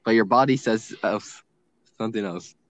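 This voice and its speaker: A teenage boy co-hosting a casual chat, teasing his friend with quick interjections. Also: lowish voice, no echo. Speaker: co-host. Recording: dull, dry sound.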